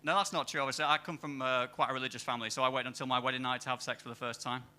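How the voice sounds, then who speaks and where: A newer stand-up comic works a comedy club stage through a handheld mic. He fires off dry, deadpan one-liners at a fast clip in a bright, crisp tone, with a faint noise underneath. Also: mid-range voice. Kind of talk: stand-up set.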